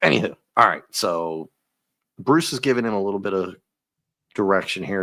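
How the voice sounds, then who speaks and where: Casting: male comic show host, deep voice, dry close sound, playful, slips into goofy impressions. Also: normal speed, gravelly, no echo. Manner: animated, joking, drops into silly impressions. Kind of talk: casual chat.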